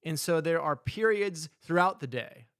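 Man, fairly high voice, animated storyteller, dry close sound. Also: clear, resonant tone, no echo. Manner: animated storyteller, quick asides. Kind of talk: casual chat.

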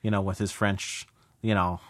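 A man co-hosting a podcast in casual, halting chat, repeating words as he goes. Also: low-pitched, little pitch movement, fairly bright tone, no room sound, studio quality. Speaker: podcast co-host.

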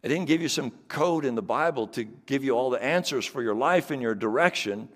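A man's voice: medium pitch, lively intonation, a little fast, fairly bright tone, big-room sound. A male pastor preaching a sermon, building emphasis through repeated phrases.

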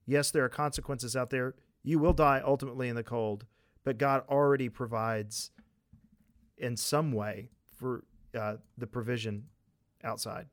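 An earnest male pastor in a relaxed podcast conversation, his voice sitting in a middle register. The sound is dry and close, with no room around it. He talks things through and poses questions to his listeners. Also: medium pitch, moderate pace, no echo. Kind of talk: casual religious podcast discussion.

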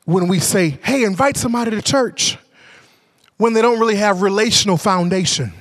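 A male preacher delivers a sermon with a high-pitched, bright, ringing voice. He tells a personal story with great animation, rising to shouts and then dropping to near whispers. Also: moderate pace.

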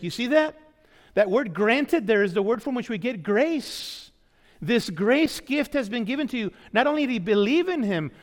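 A pastor delivers a sermon in a high, light voice and keeps turning to the congregation with rhetorical questions. His words ring out with a long reverb, as in a church hall.

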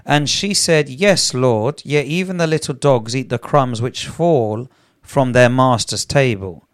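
A man's voice: medium pitch, unhurried. A man teaching from the Bible on a live broadcast, reading scripture aloud and growing emphatic. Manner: reads scripture aloud, grows emphatic, prays in tongues. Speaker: preacher.

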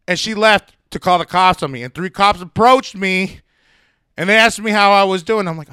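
A man's voice: high voice, moderate pace, pushed and bright, clean tone, dry recording, studio quality. A young man telling a personal story in a heated, profane, ranting way. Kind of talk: casual storytelling.

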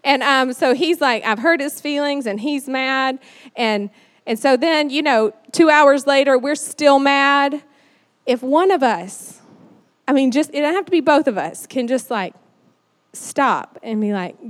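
A woman giving a conversational sermon, chatty and animated with lots of fillers. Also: high-pitched, unhurried. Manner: chatty and animated, many "like"s and "you know"s. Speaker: church speaker. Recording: long hall reverb.

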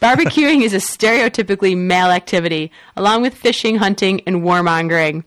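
A woman co-host reads the news on a talk radio show, dry and close to the mic with no room sound. She delivers at an average pitch, slipping sarcastic, opinionated asides between the stories. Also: a little fast, dry recording. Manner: wry, sarcastic, laughs with a cackle.

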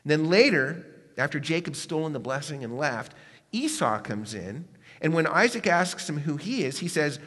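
A man preaching a sermon in earnest tones, rising to emphatic peaks and dropping to hushed asides. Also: fairly high pitch, very animated, normal speed, husky. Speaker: pastor. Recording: echoey hall.

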